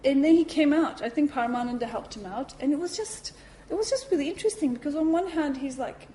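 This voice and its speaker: A woman giving a talk at a Buddhist centre, telling a personal story in a lively way, acting out her reactions and saying "you know" often. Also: high-pitched, quick pace, low-quality recording.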